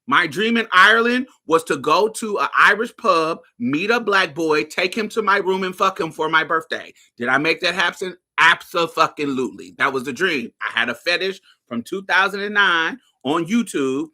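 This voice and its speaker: A woman from Indiana hosting a podcast, telling personal stories in a casual, profane, animated way and laughing often. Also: on the low side, normal speed, hardly any pauses. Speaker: podcast host. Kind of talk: casual storytelling monologue.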